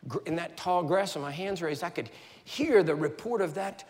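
An American man preaching a sermon, telling a personal story vividly and dramatically, even acting out sounds. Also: fairly high pitch, moderate pace. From United States. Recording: long reverb of a large hall.

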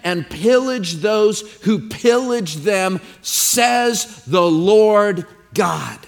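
A man's voice: high-pitched, expressive, drawn-out words, creaky, soft background music. A man preaching a sermon and reading scripture aloud, emphatic and drawn out, with repeated phrases for stress. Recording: long hall reverb.

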